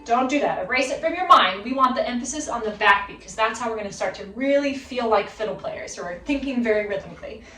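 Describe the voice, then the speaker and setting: A woman in her thirties teaches a fiddle lesson in an upbeat, encouraging way, counting the student in. Her voice sits a little high and is heard from some distance in a roomy space. Her violin plays between her phrases. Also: expressive, quick pace, hardly any pauses, pushed and bright, soft background music. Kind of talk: instructional video lesson. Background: her violin playing between phrases.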